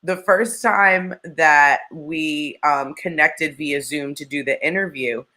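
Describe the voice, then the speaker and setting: Woman talk show host, low voice but bright tone, gushing and chatty. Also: takes it slowly. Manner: enthusiastic, gushing, full of fillers. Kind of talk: casual talk-show hosting.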